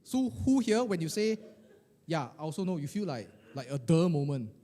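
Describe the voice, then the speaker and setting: A middle-aged man, coaching a live group of financial advisors in a lively, colloquial way, firing questions at the room. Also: a little high, moderate pace. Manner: animated, questioning the audience, colloquial with "lah" and "eh". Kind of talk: motivational workshop talk to a live group.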